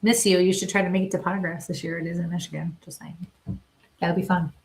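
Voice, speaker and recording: A woman working as a medium, giving live psychic readings and talking haltingly with many pauses and small laughs. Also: fairly low pitch, steady tone.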